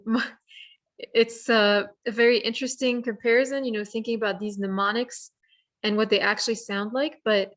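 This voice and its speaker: A woman presenting an online workshop, explaining how to identify warblers by sight and song in a friendly, explanatory way with small restarts. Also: fairly high pitch. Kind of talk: virtual bird identification lesson. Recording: virtual program audio.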